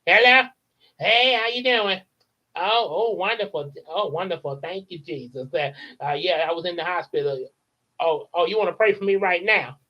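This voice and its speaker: A man voicing a sassy, loud older grandmother who drawls out high greetings. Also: normal speed. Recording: dull lo-fi sound.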